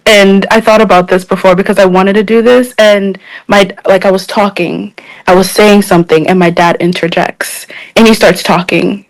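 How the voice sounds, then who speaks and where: A young woman from Africa telling stories in a group podcast. She talks in a chatty way and laughs along. Her voice sits at a middle pitch. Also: steady tone, moderate pace, low-quality recording. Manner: chatty, speeds up and laughs while telling anecdotes. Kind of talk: casual group discussion.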